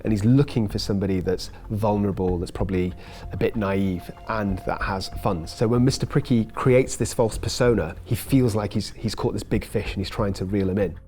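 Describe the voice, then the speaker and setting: A male psychiatrist lays out a scammer's mindset for a documentary in a measured, analytical way. His voice is fairly low and steady. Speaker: forensic psychiatrist, expert commentator. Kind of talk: documentary expert commentary.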